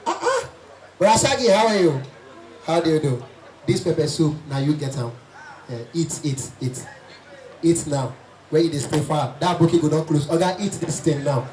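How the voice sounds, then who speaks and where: A man's voice: fairly high pitch, moderate pace, a little mellow, slight background noise. A Nigerian man performing as comedian and host at a party, teasing the guests in pidgin. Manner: teasing, mixes pidgin and Yoruba. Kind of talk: stand-up comedy banter. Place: outdoor party venue. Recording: echoey, distant, party music and crowd.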